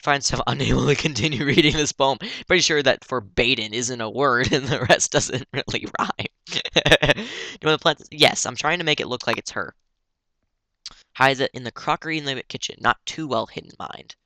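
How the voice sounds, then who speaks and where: A man's voice: mid-range voice, normal speed, bright, forceful tone, dry recording. A man giving casual, giggly commentary while playing a story game and reading its text aloud.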